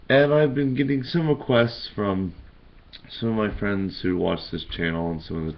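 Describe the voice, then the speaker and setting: Low-voiced rambling man hosting a tutorial. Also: muffled recording. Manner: rambling, hesitant with many fillers and restarts. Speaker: host of a video channel. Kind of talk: casual tutorial talk.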